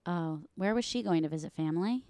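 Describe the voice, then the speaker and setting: A woman co-hosting a casual podcast, teasing her partner and jumping in with short questions. Her voice sits low for a woman and sounds smooth and clear. She is recorded close and dry. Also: brisk, a little mellow, dry recording. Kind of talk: casual chat.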